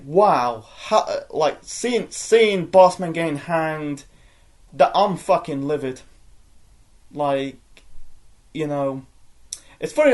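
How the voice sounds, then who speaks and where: A man's voice: fairly high pitch, darkish tone. A man giving a rambling, profane spoken wrestling review, full of fillers and restarts.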